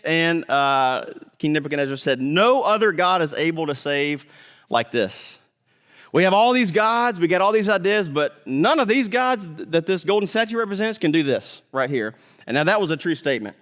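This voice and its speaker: A man's voice: sits high, lively intonation, normal speed, fairly bright tone, big-room sound. A man preaching a sermon as pastor, in a conversational way, sometimes acting out the people in the story. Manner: conversational preaching, acts out voices.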